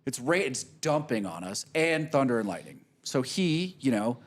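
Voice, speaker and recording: A man's voice: mid-range voice, normal speed. Profane storytelling man. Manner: animated, profane storyteller who acts out quotes. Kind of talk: casual storytelling.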